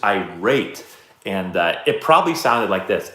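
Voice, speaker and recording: A man's voice: on the low side, big pitch swings, unhurried, fairly bright tone. Laid-back man chatting on a live stream. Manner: laid-back, rambling, self-deprecating storyteller. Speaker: host answering live chat questions. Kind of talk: casual chat. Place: indoor room, live stream. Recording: roomy echo.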